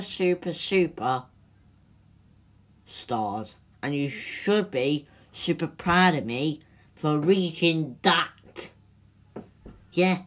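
A man's voice: a little high, a bit bright. A man gushing repeated thanks to his followers in a vlog, emotional and near tears. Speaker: social media creator.

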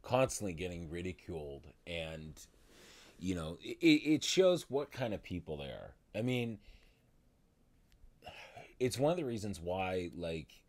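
Low-voiced man in a frustrated rant. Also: big pitch swings, a little mellow. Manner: exasperated, swearing, halting restarts. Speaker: vlogger. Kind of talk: angry vlog rant.

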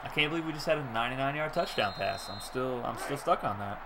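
A man streaming and commentating a football video game live, chatting with viewers and shouting on big plays. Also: medium pitch, fast, heavy background noise. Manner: excitable, laughs often, breaks into shouting on big plays; chats with viewers. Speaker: gaming streamer.

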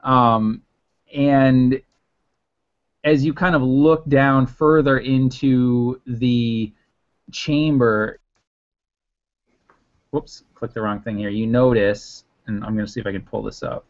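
A man's voice: mid-range voice, steady tone, slow pace, long pauses. A man narrating a tabletop game as game master, rambling with many fillers. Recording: dull lo-fi audio.

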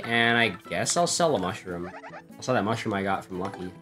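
A man's voice: on the low side, lively intonation, a little fast, sharp tone, faint music behind. A man streaming a game, casual and muttering, laughing at his own slips. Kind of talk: let's play commentary, reading dialogue aloud.

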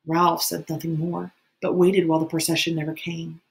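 A woman teacher with a fairly low voice reads a novel aloud for her students. Her reading is plain and steady, with occasional slips and restarts. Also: moderate pace, gravelly.

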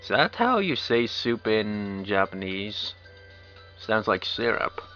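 In a dull lo-fi clip with faint game music behind him, a let's play commentator reads a visual novel out loud and drops wry, sarcastic asides between the lines. His voice is fairly low, bright and forceful, with a sing-song lilt and an unhurried pace.

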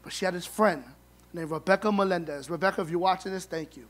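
A middle-aged man telling funny, animated stories at a memorial service, acting out the dialogue. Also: sits high, quick pace. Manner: humorous, animated, acts out dialogue. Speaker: son giving a eulogy. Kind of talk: storytelling eulogy at a memorial service.

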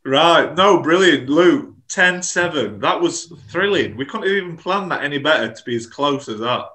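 Excitable laughing quizmaster man. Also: on the high side, normal speed. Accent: English. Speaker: podcast host running a quiz. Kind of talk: casual chat.

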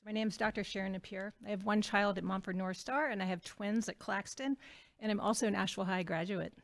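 A woman giving prepared public comment as a parent at a school board meeting, running through numbered points quickly. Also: medium pitch, steady tone. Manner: rapid, itemized delivery.

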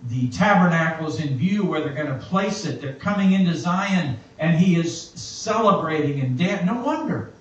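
A man's voice: fairly high pitch, lively intonation. Man preaching in an echoey church. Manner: slow, reflective preaching, reading scripture aloud. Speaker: pastor. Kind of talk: sermon. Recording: echoey, distant, muffled church recording.

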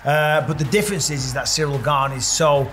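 Higher-voiced male fight pundit. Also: a little fast, slight background noise. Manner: animated, jokey, breaks down fighters' styles. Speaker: fight analyst. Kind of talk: pundit chat on a sports preview show.

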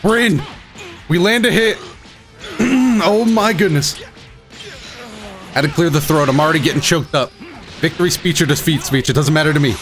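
A man giving live commentary on his own fighting-game matches, excitable, swinging between muttering and shouting, his throat a bit rough. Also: a little high, moderate pace, long pauses, soft background music. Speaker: gaming YouTuber.

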